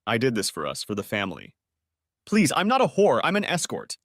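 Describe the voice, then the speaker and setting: A man voicing a distraught, pleading middle-aged wife in an audio story, lifting his voice higher for her lines. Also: expressive, fast talker, vocal fry, sharp tone, no echo, studio quality, full character voice.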